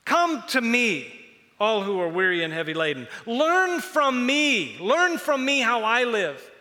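A male preacher voicing a gentle male teacher who earnestly urges his followers to live like him. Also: very high voice, big pitch swings, unhurried, long reverb tail, pitched above the performer's own voice, exaggerated voice. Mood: pleading.

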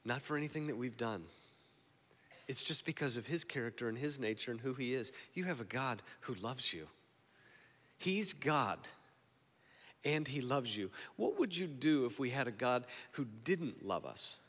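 A man preaching a sermon in a church, moving between quiet, slow passages and loud, emphatic declarations. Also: mid-range voice, animated. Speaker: pastor. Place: church sanctuary. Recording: long hall reverb.

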